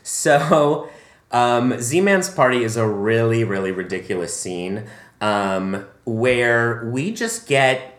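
A man's voice: medium pitch, expressive, slow pace, roomy sound. A man co-hosting a casual film review chat, chatty and laughing often, with many ums. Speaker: podcast co-host.

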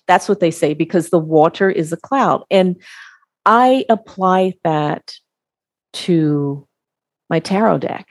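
A woman speaking as an interview guest, slow and earnest, halting and restarting as she reflects. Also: fairly low pitch, no echo.

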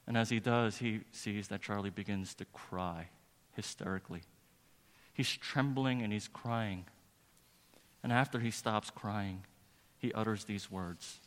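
A man with a low voice preaches a sermon. He tells a story earnestly and builds toward emphatic, rising preaching. His voice rings with a long reverb from a large church hall. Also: steady tone, a little slow, fairly bright tone. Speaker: pastor.

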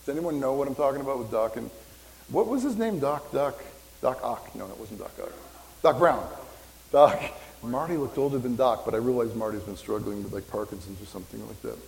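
A man's voice: mid-range voice, a little fast, creaky, a little mellow, a little hiss or hum. A man in his fifties, a pastor preaching a casual, rambling sermon and joking with the congregation. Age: 50s. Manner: rambling, conversational, jokes with congregation. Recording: reverberant hall.

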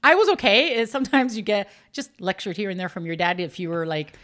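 Lively bright-voiced middle-aged mom. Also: female voice, mid-range voice, quick pace. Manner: animated, laughing, acts out quotes. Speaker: guest, mother of the host. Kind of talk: casual chat.

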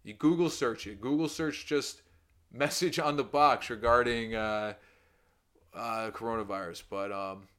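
A man co-hosting a podcast in casual chat, talking in a loose, animated way with lots of fillers and the odd curse. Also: measured pace, smooth. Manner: animated storyteller who acts out quotes with loud pitch jumps; swears casually, many fillers like "you know" and "man". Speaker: podcast co-host.

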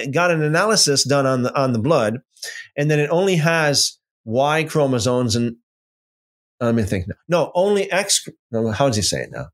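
A man teaching a casual Bible study, talking off the cuff with many restarts and repeated words, and acting out mocking back-and-forth dialogue. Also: mid-range voice. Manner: animated, repeats words and restarts sentences, mocks claims with imitated dialogue. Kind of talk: casual unscripted lecture.

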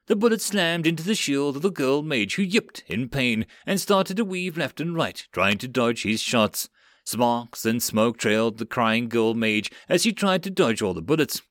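A male narrator reading a web novel audiobook with an animated, lively delivery. His pitch rises and falls widely, and the recording is dry and close with no room sound. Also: no echo.

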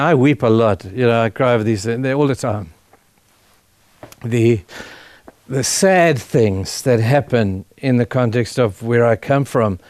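A man's voice: medium pitch, a little mellow, no room sound. Fervent conversational male preacher, dry sound. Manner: conversational, building to fervent emphasis. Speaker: guest speaker at a church. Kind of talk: sermon.

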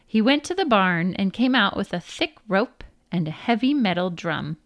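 Lively woman reading a storybook aloud. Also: mid-range voice, normal speed, hardly any pauses. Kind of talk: storybook read-aloud narration.

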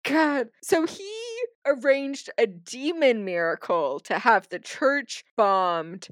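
Excitable woman podcaster, kinda high voice, super dry close sound, acts out the scenes as she goes. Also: slow pace, no room sound. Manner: animated, retells scenes in quoted voices. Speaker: podcast co-host. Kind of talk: casual chat.

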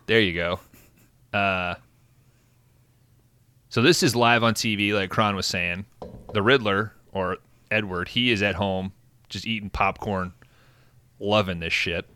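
Laid-back, swearing man with a low, bright voice. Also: fairly even intonation, a little slow, pauses often, smooth, dry recording. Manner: laid-back, swears often, frequent fillers. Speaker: podcast host recapping a film. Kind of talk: casual profane chat.

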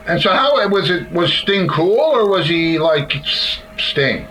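Male host, joking quips, slightly high, very lively pitch. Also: takes it slowly, slight background noise, rough recording. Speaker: podcast host. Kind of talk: casual interview chat.

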